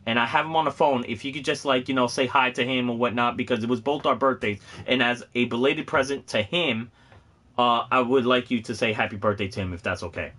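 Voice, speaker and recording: A man hosting a casual livestream, chatting in a bright, forceful voice. He rambles excitably from one story to the next. He laughs often as he talks. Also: medium pitch, fairly quick. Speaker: host of a gaming and cosplay channel.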